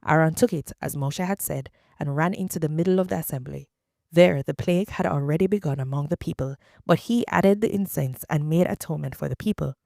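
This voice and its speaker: A woman reading scripture aloud in a measured, deliberate way. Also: low-pitched, gravelly, mellow, no room sound, clean studio sound. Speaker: scripture reader.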